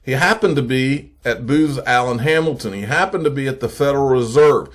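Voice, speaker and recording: A man hosting a crypto investing channel, giving casual emphatic commentary and repeating points slowly for effect. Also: medium pitch. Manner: addresses viewers as folks, frequent okay. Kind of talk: casual commentary on screen posts.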